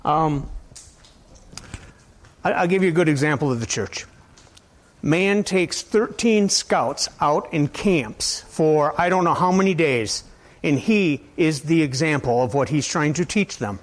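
A man preaching a sermon in a conversational, rambling way, asking his listeners question after question and swinging between loud and soft. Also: a little high, lively intonation, a little slow. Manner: conversational, asks the audience many questions. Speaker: pastor.

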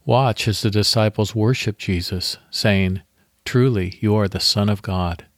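A man hosting a devotional podcast, reading scripture slowly and leading a guided meditation. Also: lowish voice, no echo, studio quality.

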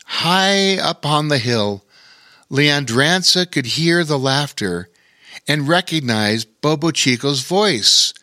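A man narrating a children's story in an expressive, unhurried way. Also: a little high, no echo, studio quality.

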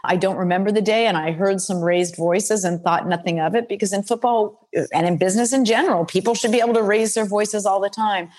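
A woman's voice: mid-range voice, brisk, few pauses, a little mellow. Blunt older woman telling a story. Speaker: guest, former football executive. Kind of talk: interview conversation.

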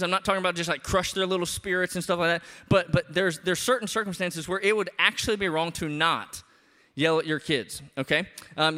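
A man preaching a sermon as a pastor, in an animated, conversational way with emphatic rises. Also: high voice, long reverb tail.

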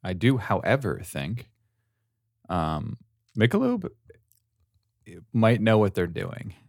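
A man's voice: on the low side, slow pace, vocal fry, no room sound, clean studio sound. A man co-hosting a podcast, rambling through a casual chat with his friends. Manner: rambling and animated. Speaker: podcast co-host.

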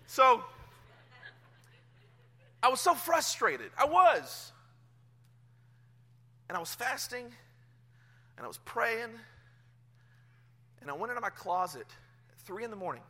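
A male pastor, around his thirties, preaching a sermon in church, telling a personal story with swings from hushed to loud. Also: very high voice, big pitch swings, slow, pauses often, breathy edge. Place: church sanctuary.

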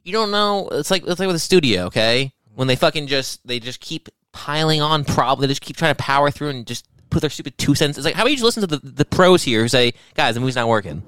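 A young man trades casual, profane banter as a podcast co-host, laughing often as he teases. His pitch swings widely. The sound is dry and close. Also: animated, fast talker, few pauses, a bit bright, smooth, dry recording. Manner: teasing, profane, laughs a lot.

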